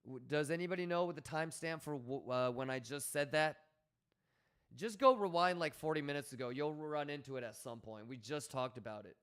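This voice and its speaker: Talking fairly quickly in a slightly high voice that's a bit bright, clear and resonant, a man runs a livestream. He addresses his chat bluntly and casually with frequent swearing, coaching viewers and reading their messages out loud.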